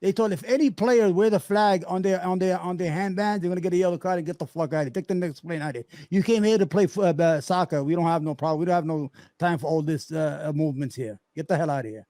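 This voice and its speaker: A man's voice: on the high side, fast talker, few pauses, warm tone, no echo, studio quality. A man arguing in a heated casual debate, blunt and repetitive, with frequent stumbling restarts. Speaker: debate guest.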